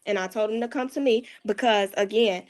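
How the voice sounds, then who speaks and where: A woman's voice: mid-range voice, a little fast. Candid mother telling a hard story. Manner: candid, casual, often dropping to a hushed tone. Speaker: guest, mother. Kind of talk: emotional personal storytelling.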